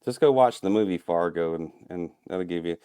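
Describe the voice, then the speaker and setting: A man from Minnesota, a guest on a podcast, explaining things in a relaxed, casual way and chuckling often. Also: low-pitched, a little fast, clean tone, no room sound, studio quality. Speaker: guest, turkey call maker and calling champion.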